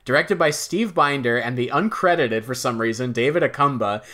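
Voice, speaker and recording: A man co-hosting a movie review podcast in casual chat, animated and quick to laugh. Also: mid-range voice. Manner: animated, laughs often, exaggerated groans. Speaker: podcast co-host.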